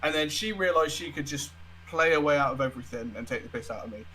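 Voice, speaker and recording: A man's voice: on the high side, fast talker, pushed and bright, a little hiss or hum, low-quality recording. A young man co-hosting a podcast, telling a story in a chatty, casual way and swearing freely. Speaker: podcast co-host. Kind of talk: casual chat.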